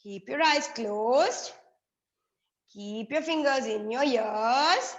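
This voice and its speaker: A woman telling a story to children and leading them in actions, speaking in an animated, sing-song way and talking to them directly. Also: a little high, takes it slowly. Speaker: children's storyteller and activity leader. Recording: echoey room, dull lo-fi sound.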